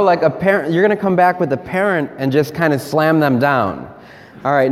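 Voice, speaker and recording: Male priest, playful interactive preacher, hall reverb. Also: fairly high pitch. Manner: playful, laughing, coaxing volunteers. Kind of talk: interactive homily with volunteers. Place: large hall with audience.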